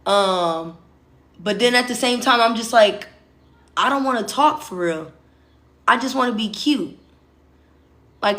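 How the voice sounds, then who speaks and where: A woman's voice: on the high side, fairly bright tone. A young woman from the States, chatting casually and rambling to her livestream viewers, talking straight to them. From Southern United States. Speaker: streamer. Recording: roomy echo.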